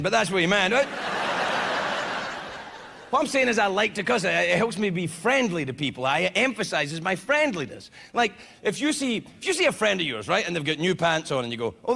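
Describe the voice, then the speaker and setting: A man doing a stand-up comedy set, loud, animated and heavily profane in his delivery. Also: high voice, fairly quick, vocal fry. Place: comedy venue before an audience. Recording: live club with crowd and noise.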